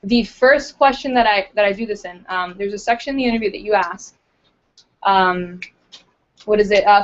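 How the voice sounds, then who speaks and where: A woman's voice: medium pitch, normal speed. A woman recruiter coaching a small group in a casual, chatty way, full of fillers, acting out interview lines as she goes. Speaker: recruiter giving training. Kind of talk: casual training talk to a group. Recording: dull lo-fi recording.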